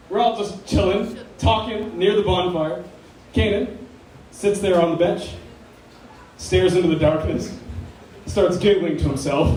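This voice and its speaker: A young man doing stand-up comedy as a club president, telling a story in an animated way and laughing through his own lines. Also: high voice, slight background noise. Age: young adult. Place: campus comedy venue. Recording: echoey room recorded from far away, crowd laughter. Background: audience laughing.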